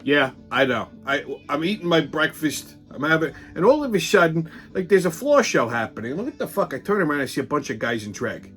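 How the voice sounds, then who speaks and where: High, lively New man ranting. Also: a little fast, hardly any pauses, faint music behind. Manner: profane, animated storytelling. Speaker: host. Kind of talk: comic ranting monologue.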